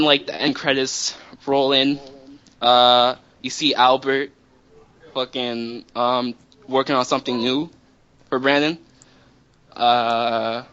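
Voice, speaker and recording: A man's voice: medium pitch, sharp tone, smooth. A man casually telling a long story to friends, rambling and profane with many restarts. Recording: dull lo-fi recording.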